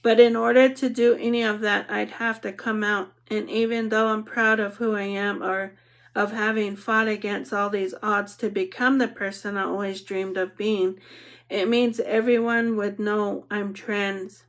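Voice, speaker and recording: Woman, audiobook narrator, first-person reading, measured, reflective, narrow pitch range. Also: level tone.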